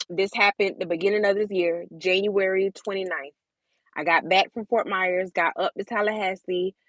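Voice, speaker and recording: A woman vlogger talks candidly and emotionally to her viewers on camera, repeating words for emphasis. Her voice is medium in pitch, with no echo.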